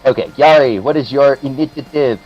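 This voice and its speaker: A man narrating as game master of a tabletop game, animated and cursing freely. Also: medium pitch, fairly quick, muffled recording, soft background music. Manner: animated, swearing, laughing.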